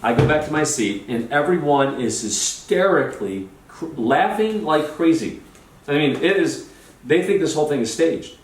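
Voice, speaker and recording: A man telling a personal story in an excited way, often restarting and repeating words. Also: on the high side, normal speed. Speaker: storytelling guest. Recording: roomy, distant, faint noise.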